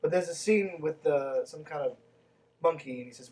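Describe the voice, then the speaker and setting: A man with a fairly high voice reads from a book on a podcast and keeps stopping to mock it, sarcastic and profane. He sits somewhat back from the microphone, so the sound is a little distant. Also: fast talker. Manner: snarky, sarcastic, swears freely. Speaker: podcast host reading a book aloud. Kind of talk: casual podcast commentary and reading.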